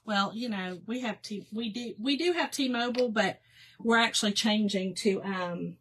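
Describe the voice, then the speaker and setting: A middle-aged woman, telling a story to her viewers in a casual, animated way and laughing often. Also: medium pitch, moderate pace, slight background noise, poor audio. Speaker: crafting livestream host.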